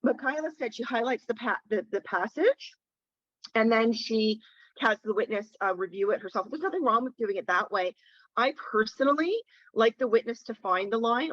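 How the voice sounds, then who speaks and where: A woman's voice: on the high side, animated, moderate pace, a bit bright, no echo. A woman defence lawyer teaching in a webinar, talking in a direct, conversational way and leaning on key words, heard through a phone. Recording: dull lo-fi phone audio.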